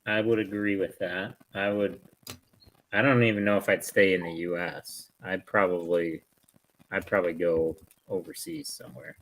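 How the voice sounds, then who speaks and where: A man's voice: deep voice, fairly even intonation, normal speed, fairly bright tone, a little hiss or hum, poor audio. A man in his forties chatting casually as a co-host, easygoing and prone to rambling explanations. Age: 40s. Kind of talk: casual chat.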